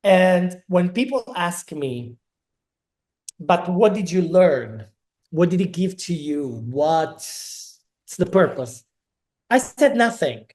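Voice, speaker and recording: Speaking slowly in a high voice, a middle-aged Neapolitan podcast guest recounts something from his own life. He brings it to life by animatedly performing each line of dialogue.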